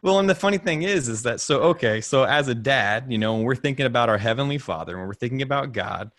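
A man's voice: medium pitch, animated, quick pace, fairly bright tone, dry recording, studio quality. A man in his thirties, a host on a video call, talking about faith and fatherhood in a rambling way, repeating words and chuckling often. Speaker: podcast host. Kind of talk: casual faith talk over a video call.

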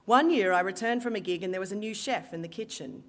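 A woman performer telling a true story in a lively, wry way with dramatic pauses. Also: medium pitch. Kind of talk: live storytelling. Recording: long hall reverb.

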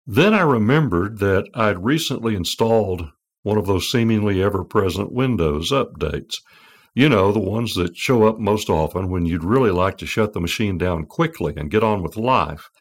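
A man's voice: on the low side, animated, unhurried. A middle-aged man hosting a devotional podcast, telling a story with wry, self-deprecating humor. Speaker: podcast host.

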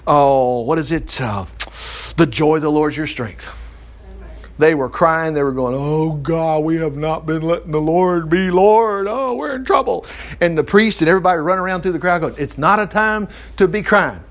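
A man preaching, reading scripture aloud and breaking in with lively, joking asides. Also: on the high side. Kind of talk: Bible teaching with commentary.

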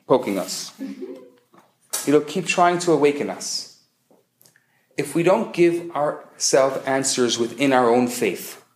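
A man who is a rabbi, giving a humorous lecture as an animated storyteller with quick joke delivery. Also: mid-range voice. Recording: echoey room.

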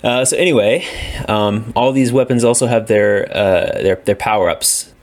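Deep-voiced man in casual gaming chat. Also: normal speed. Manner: relaxed, rambling, laughs often. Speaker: podcast co-host.

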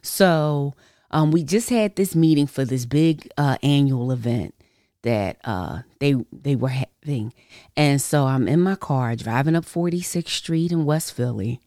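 A low-pitched woman talks into a close mic, her voice dry with no room sound. She hosts a podcast and shares a personal faith testimony in casual, colloquial words. Her delivery swoops high and low as she acts out her own reactions. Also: animated, takes it slowly, mellow, dry recording. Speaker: podcast host.

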